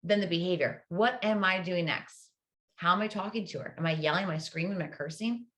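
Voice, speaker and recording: A woman's voice: fairly low pitch, a little fast, a bit bright. A woman guest in a casual interview, an upbeat educator explaining ideas and often adding "right?". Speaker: guest, public health educator.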